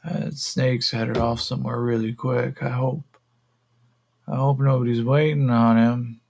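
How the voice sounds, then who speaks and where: A man's voice: medium pitch, flat delivery, unhurried, vocal fry, a little mellow, slight background noise. A man voicing a stoned, bewildered enslaved warrior in a solo tabletop game, drawling and dopey. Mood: dazed.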